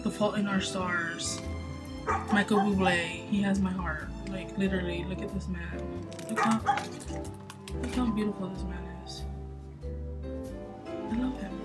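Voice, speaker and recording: A young woman in a casual vlog, opening gifts with gushing, excitable delight and repeating herself often. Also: medium pitch, unhurried, long pauses, loud music behind the voice. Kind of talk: casual gift unboxing vlog.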